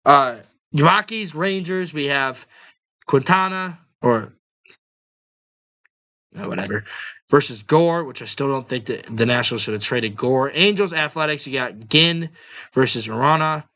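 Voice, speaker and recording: Bright-voiced male sports podcast host. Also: medium pitch, measured pace, pauses often. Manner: blunt, offhand fan talk. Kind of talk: casual sports podcast talk.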